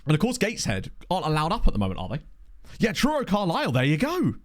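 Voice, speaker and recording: Excitable man commenting on a game. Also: on the high side, fast talker. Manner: excitable, chatty, thinks aloud. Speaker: video game streamer. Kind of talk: live gameplay commentary.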